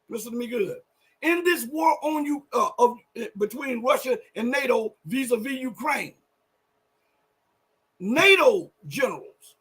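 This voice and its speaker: A man hosting a live political commentary show, talking emphatically and rambling through self-corrections, often rising to near-shouts. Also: extremely high pitch, husky. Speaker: show host.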